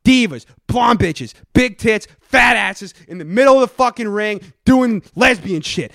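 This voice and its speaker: A man's voice: high voice, expressive, measured pace, vocal fry, hardly any pauses, a bit bright, no room sound, studio quality. A young man doing an aggressive, mocking, profanity-heavy comedic rant as a wrestling pundit character.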